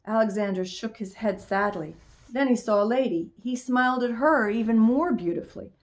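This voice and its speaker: A woman calmly reading a children's book aloud, in an expressive storyteller's voice. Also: a little high, normal speed. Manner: calm, expressive read-aloud voice.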